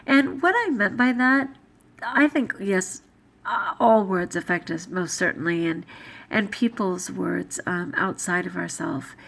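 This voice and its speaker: A soft-spoken middle-aged woman reflects aloud in a relaxed vlog. Her voice has a gravelly, fry-tinged texture and sits at an ordinary pitch for a woman. At times her musing talk sinks into a hush. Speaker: vlogger; teacher.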